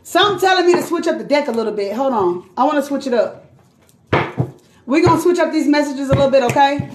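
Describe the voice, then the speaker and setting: A high-pitched woman runs a loose, chatty tarot reading, cursing freely and calling her listener queen and sis. Her voice echoes around the room as she talks. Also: expressive, fast, noisy background. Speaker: tarot card reader. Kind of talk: casual live tarot reading.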